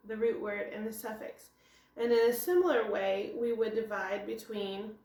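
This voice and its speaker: Woman teacher, highish voice, patient step by step phonics explaining, roomy echo. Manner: patient, explains step by step, asks and answers her own questions. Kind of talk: recorded remote phonics lesson. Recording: echoey room.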